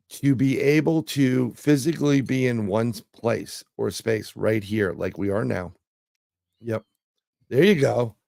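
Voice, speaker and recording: This New York City man, a remote viewer appearing as a guest, has a medium-pitched, creaky, slightly mellow voice. His casual interview storytelling rambles through anecdotes with plenty of fillers and restarts, recorded clean in the studio without room sound.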